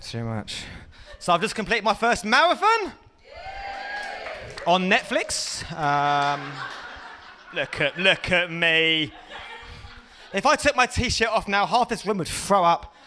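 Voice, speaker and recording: A man doing a stand-up comedy set on a festival stage, animated and jumping into loud, high-pitched impressions. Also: slow, long pauses, noisy background.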